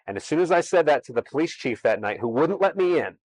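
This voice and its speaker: A man's voice: fairly high pitch, lively intonation, fast, no room sound, poor audio. A man presenting at a real estate seminar, explaining rules emphatically in a conversational way.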